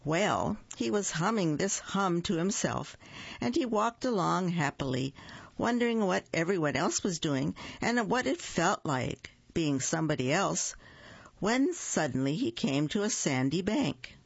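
A woman reading a children's story aloud on a radio reading program, gentle and unhurried, singing the little hums. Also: lowish voice, expressive, gravelly, husky, no echo, lo-fi sound.

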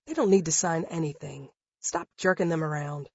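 A man voicing a sharp-tongued, exasperated young woman in an audiobook. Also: fairly high pitch, moderate pace, creaky, breathy edge, dry recording, highs cut off, voice pushed up. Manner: blunt, sarcastic.

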